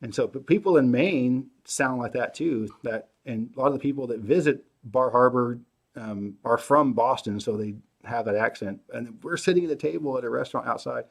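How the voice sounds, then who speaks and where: Middle-aged guy hosting a live q&a, easygoing, lots of ums and restarts as he thinks out loud. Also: mid-range voice, moderate pace, gravelly. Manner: relaxed, thinking aloud with many fillers and restarts. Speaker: host. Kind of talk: casual livestream Q&A.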